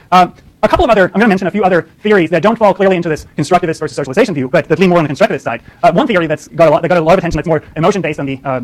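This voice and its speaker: A man's voice: a little high, low-quality recording. A man giving a university lecture, often stopping to ask "right?" and restarting his sentences. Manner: lots of fillers and restarts, asks "right?" often.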